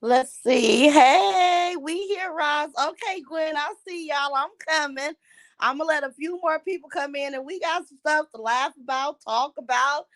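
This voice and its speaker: High, dry-voiced woman greeting her viewers. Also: a little slow, a bit bright, dry recording. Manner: chatty, greets viewers by name with pet names. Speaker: livestream host. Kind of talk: casual livestream chat greeting viewers. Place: at home. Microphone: phone livestream.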